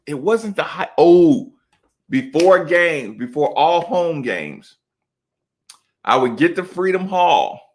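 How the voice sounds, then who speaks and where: A man's voice: fairly high pitch, vocal fry, pushed and bright. A middle-aged man, a former college basketball player, telling loose, slangy stories in casual chat with lots of asides.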